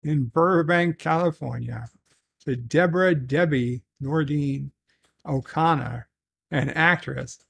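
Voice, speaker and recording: A man hosting a casual solo livestream, reading viewer messages aloud slowly and haltingly, with restarts and muttered asides. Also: fairly high pitch, vocal fry, a bit bright, breathy edge.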